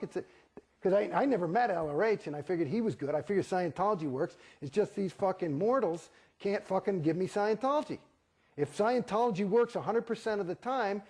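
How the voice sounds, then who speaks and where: A man's voice: high-pitched, a little mellow, husky. A man giving a candid interview, talking in an emphatic, profane, rambling way with many restarts. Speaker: interviewee, former church member.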